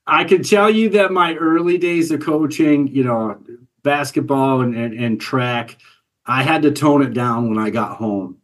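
A man's voice: medium pitch, unhurried. A man in his forties, a guest on a podcast, talking earnestly about parenting and often repeating words as he talks. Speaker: podcast guest, business coach and father. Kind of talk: casual interview conversation.

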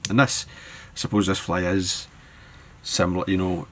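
In an easygoing fly-tying tutorial recorded at his tying desk, a man with a Scottish accent thinks aloud while working. His voice is low-pitched and a bit bright, delivered flatly at a moderate pace.

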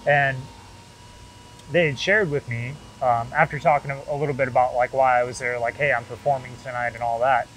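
Relaxed man from Michigan, casual interview guest, filler-heavy storyteller, slight background hum. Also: medium pitch, fairly quick, poor audio. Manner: relaxed storytelling, lots of "you know" fillers. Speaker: guest, bassist and machine shop manager.

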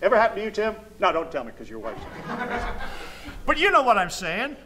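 A man's voice: high-pitched, huge pitch swings, normal speed, noisy background. A male pastor preaching an informal sermon in a church, talking conversationally with chuckling asides and reading scripture aloud. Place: church sanctuary.

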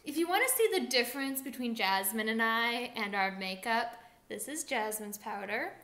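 A woman's voice: on the high side, expressive, moderate pace, bright, forceful tone. A young woman chatting as a guest on a friend's vlog, playful and teasing as she chimes in. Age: young adult. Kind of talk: casual chat. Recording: echoey room.

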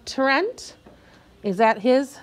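A high-voiced woman teaching young children to read. She speaks slowly and clearly, stretching out words so the children can follow, with a patient classroom manner. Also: sing-song. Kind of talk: reading lesson for young children.

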